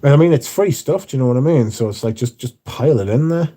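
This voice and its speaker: A man's voice: medium pitch, expressive, fast talker, mellow. A man hosting a casual livestream, chatting loosely and muttering and swearing to himself as he goes. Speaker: livestream host. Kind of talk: casual livestream chat, reading out viewer comments.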